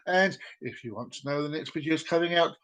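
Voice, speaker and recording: A man's voice: on the high side, fast, a bit bright. A man hosting a casual live-stream vlog, reading out fun facts in a rambling, jokey way and repeating himself. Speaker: vlog host.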